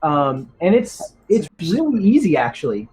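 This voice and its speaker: A man's voice: a little high, huge pitch swings, normal speed, darkish tone, rough recording. A man narrating as game master for a tabletop game, rambling with many ums and restarts.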